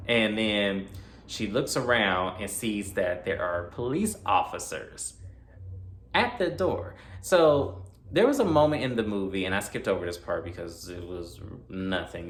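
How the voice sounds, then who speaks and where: A man with a low voice walks through a horror movie's plot in a loose, chatty way, talking back to the characters as he goes. His voice bounces around a roomy space, and a faint hiss sits underneath it. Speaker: movie reviewer. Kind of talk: casual plot recap. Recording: echoey room with faint noise.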